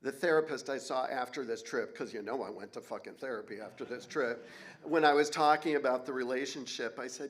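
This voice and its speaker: A man's voice: mid-range voice, brisk. A man in his forties performing a personal story on stage, candid and wry, with blunt swearing. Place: auditorium stage.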